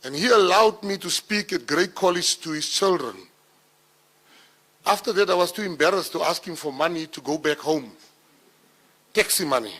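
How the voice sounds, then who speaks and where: A middle-aged South African man giving a speech, telling personal stories and acting out the dialogue, rising loud at the punchlines. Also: on the high side, normal speed, long pauses. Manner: animated storyteller, acts out dialogue, gets loud at punchlines. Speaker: minister giving a keynote speech. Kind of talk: storytelling speech to an audience.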